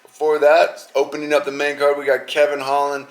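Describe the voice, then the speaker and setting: A young man hosting a podcast, talking casually and rambling in an animated, slangy way about an upcoming fight card. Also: on the high side, fairly quick. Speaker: podcast host. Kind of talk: casual sports chat.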